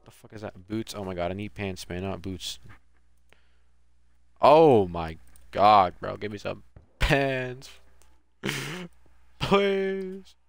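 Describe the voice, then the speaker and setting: A man's voice: fairly low pitch, expressive, takes it slowly, vocal fry, pauses often, smooth, no echo. A man streaming a video game, commenting live with casual, profane trash-talk at other players.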